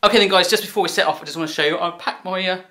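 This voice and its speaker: Jokey man hosting a cooking vlog; rapid patter, faint background hiss. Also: high-pitched, bright, forceful tone. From southwest England. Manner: chatty and jokey, talks straight to viewers. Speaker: cooking vlogger. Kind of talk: casual vlog chat. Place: kitchen, then outdoors on a windy coastal walk.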